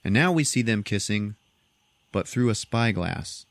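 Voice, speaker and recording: A male podcaster speaking a little slowly in a lowish voice retells a film's plot casually, cursing and laughing regularly in his animated delivery. The audio carries no echo.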